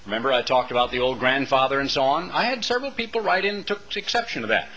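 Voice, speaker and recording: A man delivering a rambling, opinionated monologue as a radio talk show host, with many pauses and fillers. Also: medium pitch, expressive, sharp tone, low-quality recording.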